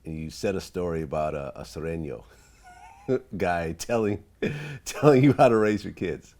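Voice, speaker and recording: A man's voice: sits low, lively intonation, unhurried, a little mellow. A male interviewer who prompts his guest with half-remembered stories and laughs along. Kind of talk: interview questions.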